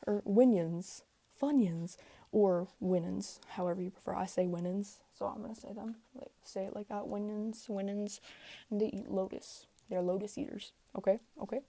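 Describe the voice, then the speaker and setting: Hoarse young woman rambling quietly. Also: mid-range voice. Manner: speaking quietly, lots of fillers. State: hoarse, tired voice. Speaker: podcast host. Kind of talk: casual rambling recap rant. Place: home room.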